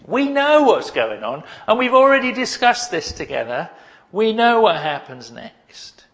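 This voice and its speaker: A confiding Jesus figure, put on by a man who lifts his voice well above his own pitch. He talks low and conspiratorial, like a friend sharing a plan. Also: wildly swooping pitch, normal speed, a bit bright, full character voice. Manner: confiding, conversational.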